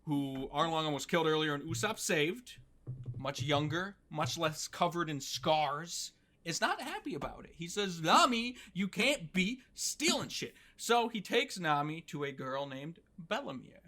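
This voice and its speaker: A man's voice: a little high, animated, fairly bright tone. A man casually recapping an anime on a podcast, joking, swearing and acting out characters' lines. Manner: quick, joking, swears casually, acts out quotes.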